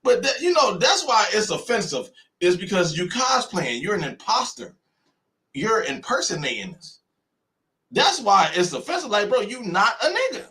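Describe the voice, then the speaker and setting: A man's voice: sits high, sing-song, normal speed, bright, forceful tone. An American man hosting a live stream, talking in an emphatic, repetitive way and acting out other people's voices. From United States. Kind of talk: heated opinion talk on a live stream.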